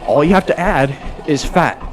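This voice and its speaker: A man's voice: fairly high pitch, normal speed. A man ranting casually and a bit preachily while gaming on a treadmill. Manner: talkative, preachy, rambling; exercising on a treadmill while talking. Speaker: gaming streamer. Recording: music clearly behind.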